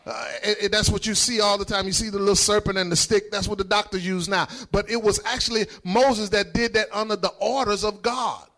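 A man preaching a sermon, fervent and sing-song, building up to shouted lines. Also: high-pitched, steady tone, fairly quick, hardly any pauses. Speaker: pastor.

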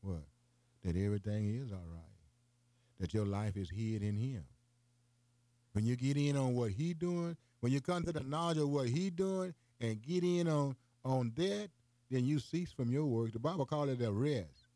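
A man's voice: warm tone, no echo. Folksy preacher man, dry sound. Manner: folksy, repeats "boy" and "man" often; rises into high, emphatic preaching runs. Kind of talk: radio broadcast sermon.

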